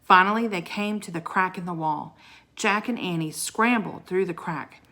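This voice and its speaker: A woman reads a children's storybook aloud in a clear, bright voice. Her reading is expressive, with occasional small stumbles. She sounds like she is reading to a child at home. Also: fairly low pitch, moderate pace. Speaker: reader of a children's book.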